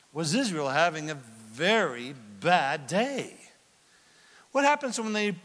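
A man preaching in a dramatic, unhurried style, his slightly raised voice leaping to loud bursts and sinking to whispers. The sound carries a long reverb, as in a large sanctuary. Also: fairly high pitch. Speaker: pastor. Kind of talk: sermon.

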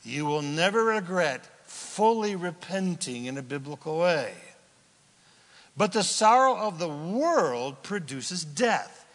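A man preaching a sermon as a pastor, impassioned, swinging from shouts down to a hush. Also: fairly high pitch, lively intonation, slow, big-room sound.

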